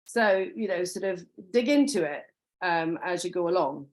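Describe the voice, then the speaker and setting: A woman's voice: fairly low pitch, lively intonation, moderate pace. A woman giving an informal sales training talk, chatty, with many restarts and ums and acted-out customer lines.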